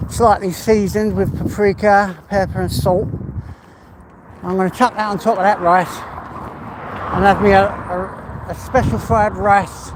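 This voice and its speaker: A man with an East London accent, chatting casually and rambling while he walks his dog on a busy street. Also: sits high. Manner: rambling, chatty, mild swearing. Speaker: vlogger. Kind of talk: casual live chat while walking a dog. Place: outdoors on an urban street with traffic. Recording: outdoor street noise and traffic.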